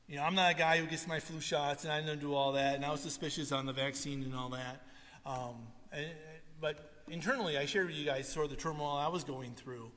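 A male pastor preaching a sermon, telling stories and acting out what people said. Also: fairly high pitch. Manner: animated storytelling, acts out quotes. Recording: long hall reverb.

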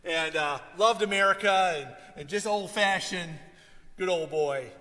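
A man's voice: high voice, unhurried. A male pastor preaching a sermon, telling stories and acting out what people said. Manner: animated storytelling, acts out quotes. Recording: long hall reverb.

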